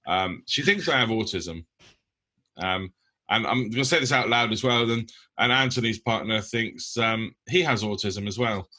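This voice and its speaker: A man's voice: on the low side, normal speed, pushed and bright. A young man from the UK, co-hosting a podcast in casual, blunt chat full of ums. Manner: blunt, rambling with many ums. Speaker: podcast co-host.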